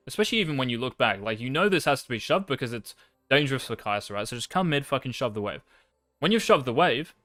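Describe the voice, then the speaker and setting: Young man, blunt profane coaching, casual slang, mid pitch. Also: a bit bright, no room sound. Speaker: video game coach. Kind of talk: blunt gameplay coaching over a replay.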